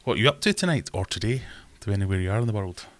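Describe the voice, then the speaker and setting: Low-voiced rambling man. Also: lively intonation, very fast, no echo. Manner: rambling, self-deprecating, chatty. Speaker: live stream host. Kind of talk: casual live stream chat.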